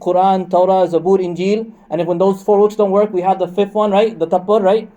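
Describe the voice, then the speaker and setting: A man's voice: high voice, little pitch movement, a little fast, dark tone, dull audio. A man preaching a sermon on Quran commentary, joking with the congregation and asking them questions. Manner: joking, conversational, asks the crowd questions.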